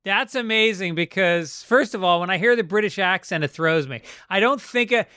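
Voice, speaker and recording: A man's voice: high-pitched, normal speed, sharp tone, clear, resonant tone, dry recording, clean studio sound. Candid, rambling male podcast co-host. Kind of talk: casual chat.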